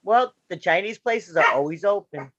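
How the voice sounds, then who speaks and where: A man guest in a casual podcast chat, joking with quick asides. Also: sits high, animated, a bit bright. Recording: dull lo-fi line with faint noise.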